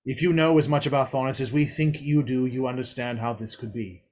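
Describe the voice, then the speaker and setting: A man voicing a calm, earnest adventurer with dragon blood who speaks in a measured, pleading way. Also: mid-range voice, a little hiss or hum, lightly acted.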